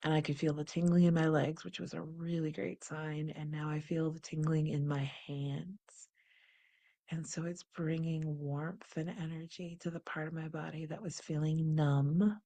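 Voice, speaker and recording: A woman hosting a guided wellness practice, calm and unhurried, describing her body sensations as she goes. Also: sits low. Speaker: host leading a guided practice.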